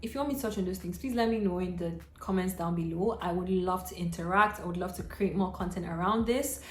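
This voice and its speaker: A woman's voice: lowish voice, fast. A young adult woman vlogging to camera, chatty and encouraging, talking straight to her viewers like a friend. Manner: chatty and encouraging, addressing viewers directly as girl and sis. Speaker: lifestyle vlogger. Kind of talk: casual talk to camera. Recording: roomy echo with faint music.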